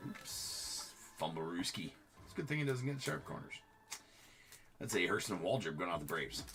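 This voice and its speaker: A man with a low, crisp, bright-edged voice hosts a live card break, calling out each card and chatting with viewers. His commentary runs on with plenty of "uh"s. Faint music plays behind him. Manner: rapid running commentary with frequent filler words.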